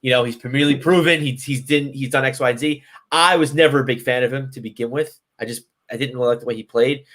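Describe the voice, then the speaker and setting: A man's voice: mid-range voice, quick pace, few pauses, fairly bright tone. A man guesting on a football podcast, talking in a loose, rambling way with lots of "you know". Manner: rambling, full of fillers and restarts, easygoing. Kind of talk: casual football chat.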